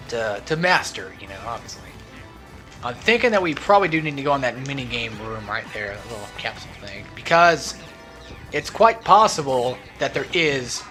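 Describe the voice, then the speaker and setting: Chatty, lively young man. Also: mid-range voice. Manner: rambling, chatty and self-mocking. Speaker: let's play host. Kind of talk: casual gameplay commentary. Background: faint game music.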